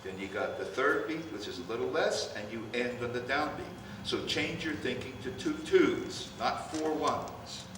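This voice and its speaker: A man's voice: mid-range voice, moderate pace, hardly any pauses. Older guy running band rehearsal, far from the mic, big echoey hall, hiss behind. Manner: animated, calls out cues. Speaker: band conductor. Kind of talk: rehearsal coaching. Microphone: distant room mic.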